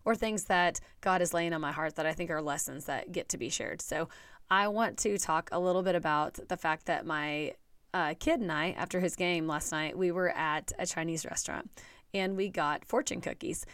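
A woman's voice: on the low side, normal speed, fairly bright tone, clear, resonant tone, dry recording. A woman coach giving a chatty, earnest motivational talk straight to her viewers.

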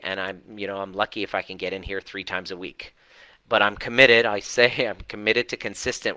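Earnest man with a bright, dry voice. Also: lowish voice, dry recording. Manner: earnest, emphatic, with restarts. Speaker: coach and host. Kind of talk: live coaching talk to a community.

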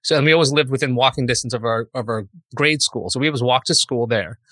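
A man's voice: mid-range voice, fast talker, no echo, studio quality. A middle-aged man with a New York accent, chatting as a guest in an interview and acting out little scenes of dialogue. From Queens, New York. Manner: animated, acts out dialogue in quoted voices. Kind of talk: casual interview chat.

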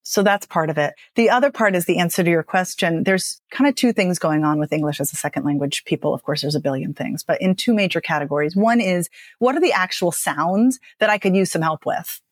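A woman speaking as a speech and dialect coach, explaining with emphatic, lively phrasing and frequent "right?" checks. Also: on the low side, brisk, few pauses, dry recording, clean studio sound. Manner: animated, emphatic, lots of "right?". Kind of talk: podcast interview guest.

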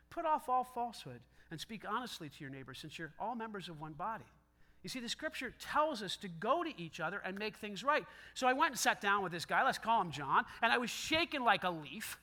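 Middle-aged guy preaching, bright voice that swings all over, acts out the people in his stories. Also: high-pitched. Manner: animated storytelling with quoted voices. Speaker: pastor. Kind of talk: sermon.

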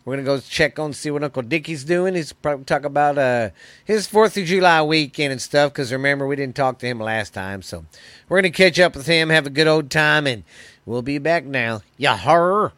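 A man's voice: on the high side, a little fast, fairly bright tone, no echo. Man hosting a podcast, loose and profane, recorded dry and close. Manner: loose, profane, rambling storyteller. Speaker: podcast host. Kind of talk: casual podcast chat.

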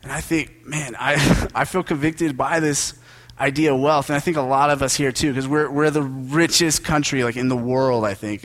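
A young man giving a casual, joking sermon as a preacher, talking to the congregation like friends. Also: medium pitch. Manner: conversational and joking, with quick asides.

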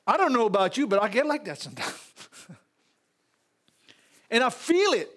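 This church sermon comes from a male pastor with a Louisiana Southern accent and a very high voice, moving at a moderate pace. He peppers it with spirited call-outs and laughing remarks to the congregation.

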